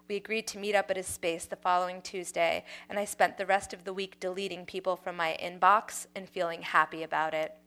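A woman's voice: medium pitch, sharp tone, clean tone. A woman reading a personal story aloud in a wry, dry-humored way.

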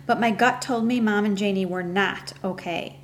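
A woman's voice: medium pitch, normal speed, a little hiss or hum. Woman narrating a first-person novel. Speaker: audiobook narrator.

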